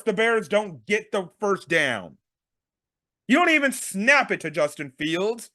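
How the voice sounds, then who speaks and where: A man's voice: high-pitched, sing-song, unhurried, sharp tone, no room sound, studio quality. A man hosting a sports talk show, ranting through a game recap with exasperated rhetorical questions. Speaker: sports podcast host.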